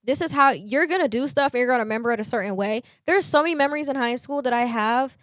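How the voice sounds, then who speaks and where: A young woman with a fairly high voice hosts a podcast in loose, casual chat. Her words tumble out quickly in run-on sentences laced with fillers, and the recording sounds dry and close. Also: fairly bright tone, no echo. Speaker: podcast host.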